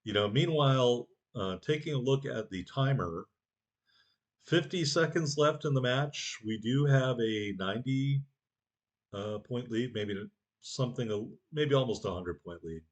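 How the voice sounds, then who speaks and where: Male game commentator at home, excitable, mock-angry at teammates, joking. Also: medium pitch, measured pace. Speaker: gameplay commentator. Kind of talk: game commentary over footage.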